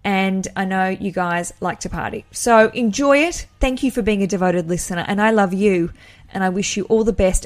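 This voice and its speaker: Chatty Australian woman podcast host. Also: mid-range voice. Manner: chatty and enthusiastic, rambling asides. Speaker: wedding podcast host answering a listener. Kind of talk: casual advice chat.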